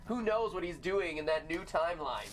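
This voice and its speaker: A man's voice: fairly high pitch, moderate pace, a little hiss or hum. A man hosting a game livestream, bantering playfully and reading game text aloud. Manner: goofy, animated, breaks into laughter. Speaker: livestream host playing a fan game.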